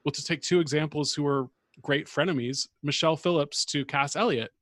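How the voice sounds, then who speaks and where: A man's voice: fairly high pitch, fairly quick, a bit bright, no room sound, clean studio sound. A man co-hosting a casual chat, talking in a wry, chatty way full of hedges and fillers. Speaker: podcast co-host.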